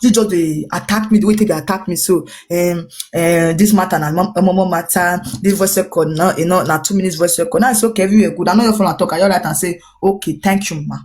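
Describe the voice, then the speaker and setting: A woman's voice: fairly low pitch, quick pace, hardly any pauses, a little hiss or hum. A woman with a Nigerian Pidgin English accent, rambling as she retells a dispute and voices the other people's lines in her story. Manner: rambling, repetitive, animated retelling with quoted dialogue. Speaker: social media personality. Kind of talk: gossipy storytelling recounting a dispute.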